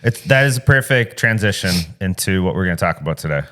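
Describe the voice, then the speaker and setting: Male host, very low-pitched, easygoing and conversational. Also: lively intonation, quick pace, sharp tone. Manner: laid-back, steers the talk to business. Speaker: podcast co-host. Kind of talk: casual business podcast chat.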